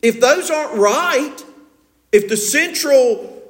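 A man preaching a sermon as pastor, lively and emphatic, often asking his congregation questions. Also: extremely high pitch, takes it slowly, echoey room.

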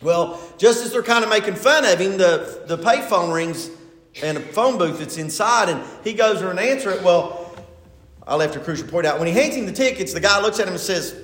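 High-voiced older preacher in an echoey hall. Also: male voice, expressive, a little fast, fairly bright tone. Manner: folksy storytelling, retelling a TV episode. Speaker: pastor. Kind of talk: sermon.

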